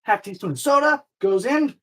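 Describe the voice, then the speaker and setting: A man hosting a live baking stream, chatting playfully with viewers, trailing off and restarting, with sudden high squeals. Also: lively intonation, normal speed, fairly bright tone, low-quality recording. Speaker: baking show host.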